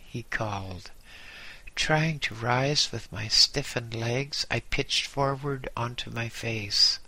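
A man narrates a first-person tale at an unhurried pace, and his lines are measured and deliberate. His voice is strikingly bright and forward, recorded dry with no room sound. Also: medium pitch, husky, dry recording. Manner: measured storytelling with voiced dialogue. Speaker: audiobook narrator. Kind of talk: scripted narration.

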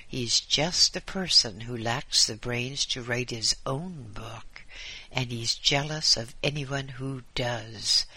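A man voicing a weary old man who speaks in a calm, dismissive way. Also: mid-range voice, slightly rough, exaggerated voice.

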